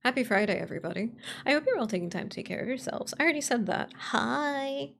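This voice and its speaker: A fairly high-voiced woman chatting to her stream in a loose, casual way. Her pitch leaps around a great deal as she flips between excited squeals and muttered complaints. She swears freely and never sounds settled. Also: fast talker, gravelly, slight background noise. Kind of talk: casual livestream chat.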